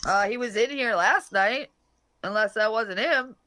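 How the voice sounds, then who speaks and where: A woman's voice: on the high side, measured pace, bright, forceful tone, no room sound. Brash, profane woman livestreamer. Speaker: livestream host. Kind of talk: casual livestream chat reading comments.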